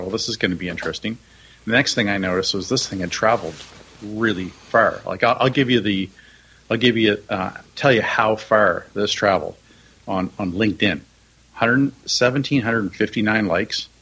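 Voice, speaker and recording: A man co-hosting a podcast, telling a story in a joking, halting way. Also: fairly low pitch, a bit bright, husky, poor audio. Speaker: podcast co-host. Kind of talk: casual chat.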